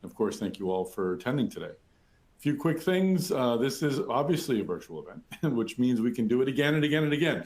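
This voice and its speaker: A man hosting a virtual industry talk, chatty and self-deprecating, with many fillers. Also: lowish voice. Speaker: webinar host.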